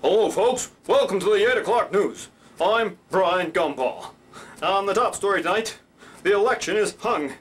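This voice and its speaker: A man putting on a deep, authoritative news announcer voice, slow and formal. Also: expressive, fairly bright tone. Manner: slow, formal broadcaster delivery.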